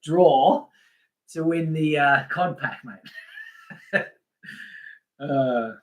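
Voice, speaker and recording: A man hosts a casual fishing livestream, chatting loosely, reading out names from the chat and laughing often. His fairly high voice moves extremely slowly.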